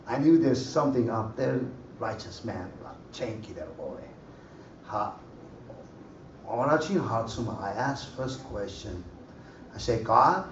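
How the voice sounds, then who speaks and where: A man giving an animated personal testimony at a church conference, in broken English. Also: medium pitch. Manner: animated storytelling, broken English, laughs often. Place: conference hall. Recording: roomy hall, far mic, dull lo-fi, faint noise.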